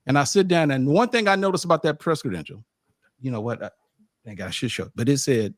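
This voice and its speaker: A man, the show's publisher, casually telling a story about his trip to a college football game, with lively asides and frequent stammered restarts. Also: fairly high pitch, fast, dry recording, clean studio sound. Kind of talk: casual storytelling on a sports show.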